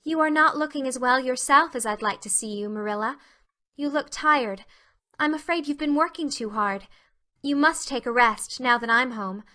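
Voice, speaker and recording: A woman playing an earnest young girl, eager and warm-hearted, with a bright, ringing tone pitched a little high. She talks in an expressive, heartfelt way, as in a storybook drama. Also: normal speed. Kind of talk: full-cast audiobook drama.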